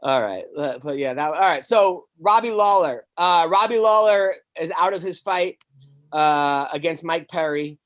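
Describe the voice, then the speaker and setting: He's a stand-up comedian hosting a podcast, telling a drawn-out, rambling story in an easygoing chat. The voice runs on the high side with a measured pace, and his animated, profane delivery is full of stammers and restarted sentences.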